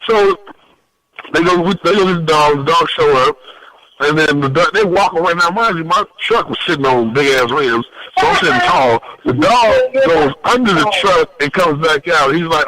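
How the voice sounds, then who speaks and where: A man as a podcast guest telling a story in a lively, profane way, with big pitch swings when he quotes people. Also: moderate pace, dry recording, low-quality recording. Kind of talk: animated storytelling.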